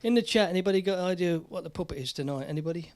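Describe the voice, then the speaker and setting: A British man hosting a casual live stream, chatty and jokey, slightly hoarse from a cold. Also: sits high, very fast.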